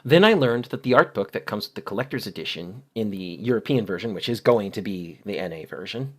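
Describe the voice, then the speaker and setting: A man's voice: on the low side, animated, brisk. A man hosting a channel, giving critical video commentary in an exasperated, sarcastic way and explaining translations in detail. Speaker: channel host.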